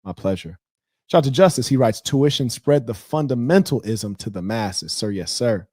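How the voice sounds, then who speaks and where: A man's voice: medium pitch, lively intonation, normal speed, warm tone, dry recording, studio quality. A man hosting a casual livestream, talking loosely with slang and mocking asides. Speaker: livestream host.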